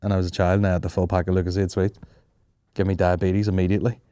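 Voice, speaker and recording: A young man with a fairly low voice rambles through comic stories, swearing freely and laughing often. He talks casually as a podcast host. The recording is close and dry, with no room sound. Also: little pitch movement, fast, dark tone, clear, resonant tone, no room sound. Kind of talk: casual comedic storytelling.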